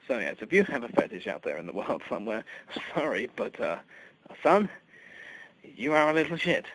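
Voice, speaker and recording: A man rambling through an improvised comic monologue, stammering, sinking to breathy whispers and then bursting out loud. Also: a little high, very animated, a little fast, dry recording, rough recording. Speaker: comic character host.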